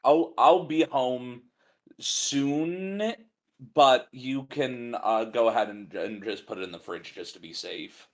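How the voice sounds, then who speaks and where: Guy playing a tabletop game, slow and kinda hesitant, stammers a lot, laid back. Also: mid-range voice. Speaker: player. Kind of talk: casual tabletop role-play.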